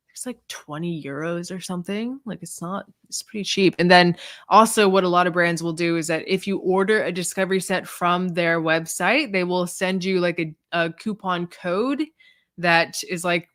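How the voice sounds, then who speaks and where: A woman's voice: lowish voice, fairly bright tone, no echo, studio quality. A woman hosting a casual livestream Q&A, answering viewers in a chatty, rambling way full of "like" and "um". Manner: chatty, filler-heavy, lots of "like" and "um". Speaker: fragrance reviewer hosting a livestream.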